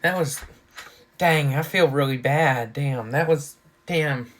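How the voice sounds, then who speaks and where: A speaker reacting to a TV episode in a casual running commentary, excitable and anxious, gasping and shouting at the big moments. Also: medium pitch, slow pace. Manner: excitable, gasps and shouts at surprises, keeps saying she's worried. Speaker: TV reaction reviewer.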